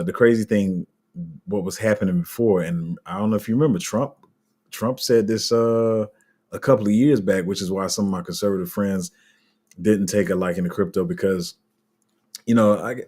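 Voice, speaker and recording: A man's voice: lowish voice, fairly quick, a little mellow, breathy edge. A man hosting a crypto channel, talking casually to viewers in a loose, rambling way with many fillers and restarts. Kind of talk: casual unscripted commentary to viewers.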